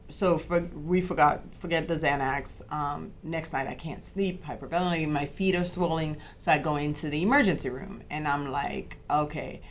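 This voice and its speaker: A young woman with a low voice recounts her own experience in a relaxed, conversational podcast style. She often restarts her sentences and drops into the voices of people she spoke with. There is faint ambient noise behind her. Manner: conversational, many fillers and restarts, acts out quoted exchanges. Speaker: podcast host telling her birth story. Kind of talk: casual personal storytelling.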